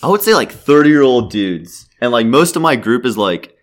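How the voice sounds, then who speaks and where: A young man spins a rambling anecdote in relaxed podcast chat. His voice sits at an ordinary pitch. He swears freely, leans on "like" constantly and keeps laughing through the story. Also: normal speed. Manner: rambling, profane, many "like" fillers. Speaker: podcast host telling a story.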